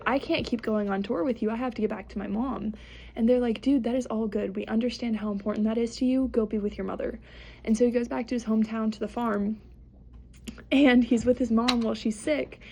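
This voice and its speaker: A woman's voice: fairly high pitch, darkish tone, slight background noise. A young woman, a podcast co-host, telling a long rambling joke with lots of fillers and acting out the characters' lines in her own voice.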